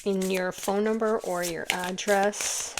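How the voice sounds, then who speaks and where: A woman giving a casual, earnest tarot reading, rambling warmly with many fillers and growing teary as she talks. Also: mid-range voice, steady tone, slow pace, very noisy. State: tearful at times. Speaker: tarot reader.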